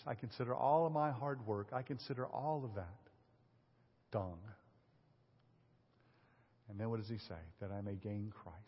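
Husky-voiced male pastor preaching in a hall. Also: medium pitch. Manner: rhetorical questions to the congregation, swings from loud emphasis to hushed. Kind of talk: sermon. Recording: lo-fi sermon audio with long hall reverb.

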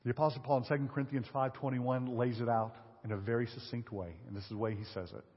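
Husky-voiced male pastor preaching in a hall. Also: mid-range voice, fairly even intonation, quick pace. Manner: rhetorical questions to the congregation, swings from loud emphasis to hushed. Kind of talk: sermon. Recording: lo-fi sermon audio with long hall reverb.

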